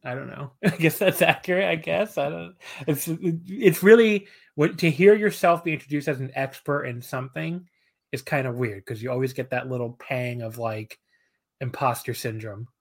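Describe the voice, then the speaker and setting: A man in his thirties chatting as a podcast guest at an ordinary pitch. He rambles in an easygoing, self-deprecating way and hedges his points with lots of fillers. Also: moderate pace, creaky. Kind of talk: casual podcast chat.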